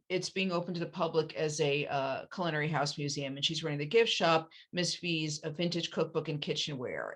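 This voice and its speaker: Brief: woman, author, chatty and animated, slightly low voice, lots of ums. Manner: chatty, animated, with many fillers and restarts. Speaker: author and interviewer.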